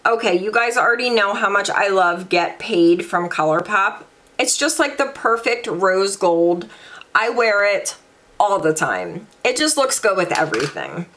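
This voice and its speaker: A woman's voice: medium pitch, very animated, unhurried, a bit bright. Gushing young woman reviewing makeup. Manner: gushing, chatty, dramatic sighs and emphasis. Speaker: beauty vlogger. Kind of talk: casual makeup review talk.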